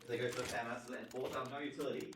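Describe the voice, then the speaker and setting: A male esports caster runs play-by-play on a shooter match, rattling off buys and positions in quick call-outs. His voice sits at an ordinary middle pitch. He jumps up in pitch and volume whenever a player gets a kill. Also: little pitch movement, a bit bright, a little hiss or hum. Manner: rapid call-outs that lift sharply on kills. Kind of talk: play-by-play game commentary.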